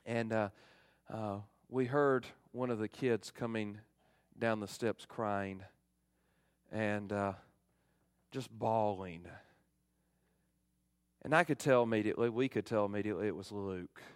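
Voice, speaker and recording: A man's voice: lowish voice, steady tone, a little slow, long pauses, clear, resonant tone, dry recording, clean studio sound. Fervent male pastor preaching. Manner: fervent, swings from loud to hushed. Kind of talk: sermon.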